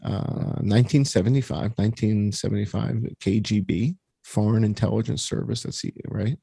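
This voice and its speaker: A man's voice: lowish voice, steady tone, moderate pace, creaky, dark tone, slightly rough, dry recording, clean studio sound. A middle-aged American man hosting a casual talk show, sarcastic and mocking as he comments. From United States. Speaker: show host.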